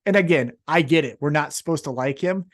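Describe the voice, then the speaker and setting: A man co-hosting a podcast, recapping wrestling in casual, profane, animated storytelling. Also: a little high, a little fast. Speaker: podcast co-host.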